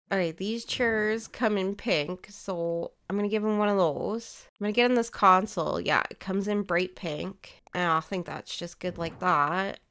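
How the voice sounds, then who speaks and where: A woman talks through a game in a relaxed, casual commentary, her voice smooth and clear at a middling pitch. She thinks out loud as she goes and drops playful little asides. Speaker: gaming video creator.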